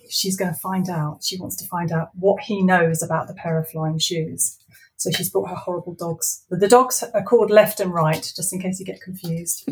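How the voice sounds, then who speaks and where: A woman author reads her own story in an animated, playful storyteller's manner, then chats casually about it with fillers and laughter in her talk. Her voice sits a little low. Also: poor audio. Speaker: children's author. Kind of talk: reading her story aloud and chatting.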